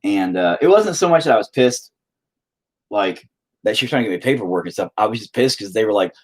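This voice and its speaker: A man's voice: on the low side, lively intonation, fairly quick, darkish tone, slightly rough. A man telling a rambling, profane story in a casual chat with his viewers. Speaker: streamer.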